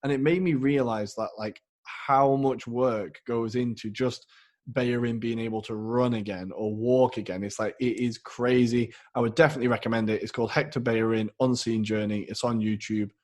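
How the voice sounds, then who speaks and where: A mid-pitched man chatting on a football podcast. He rambles eagerly about what he has been watching and pokes fun at himself along the way. His voice sits right in the usual middle range. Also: steady tone, normal speed, darkish tone. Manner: enthusiastic, rambling, self-deprecating. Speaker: podcast co-host. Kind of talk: casual football podcast chat.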